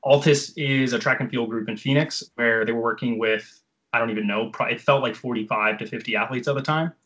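A man's voice: mid-range voice, fairly even intonation, a little fast, fairly bright tone, low-quality recording. A man in his twenties, a coach, telling his story in casual, profane, filler-heavy chat. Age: 20s. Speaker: jump training coach.

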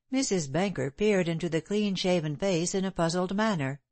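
A woman narrating an audiobook in a measured, even manner. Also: lowish voice, no echo. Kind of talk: scripted narration.

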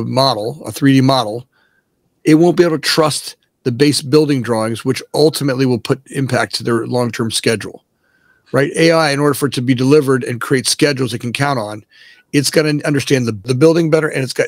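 A man with a gravelly, creaky voice speaks as a podcast guest, pressing his points with emphasis. He keeps asking "right?" as he talks. The sound is dry and close. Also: medium pitch, dry recording. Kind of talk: casual podcast interview.

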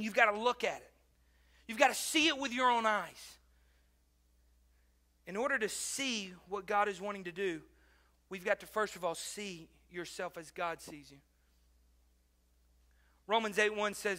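High, bright-voiced male preacher. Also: normal speed. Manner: swings between loud preaching bursts and quiet asides. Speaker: pastor. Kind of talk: sermon.

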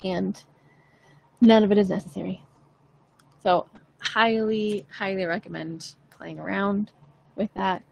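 A woman's voice: mid-range voice, steady tone, a little slow, gravelly, long pauses, a little mellow, low-quality recording. Young woman vocal coach, casual and blunt, mid-range voice, faint background noise. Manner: chatty, frank, playful, swears casually. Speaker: singing teacher. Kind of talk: casual livestream voice lesson.

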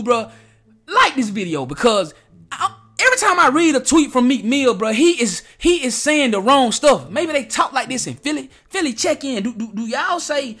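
A man's voice: extremely high pitch, a bit bright. A man hosting a reaction video, talking in slangy, casual commentary straight to his viewers.

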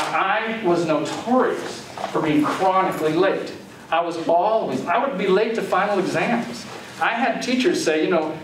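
Older man lecturing in an echoey hall. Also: fairly high pitch. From Chicago area. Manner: conversational, anecdotal, self-deprecating. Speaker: guest lecturer. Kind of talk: storytelling lecture. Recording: echoey hall from far off, faint hiss.

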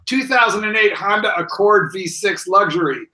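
A man's voice: high-pitched, moderate pace, bright, forceful tone, low-quality recording. A man joining a casual live stream chat, joking and teasing the others.

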